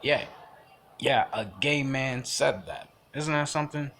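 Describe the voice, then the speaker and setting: A man's voice: medium pitch, measured pace, a bit bright, a little hiss or hum. A young man giving rambling, emphatic spoken commentary with many fillers and restarts. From United States.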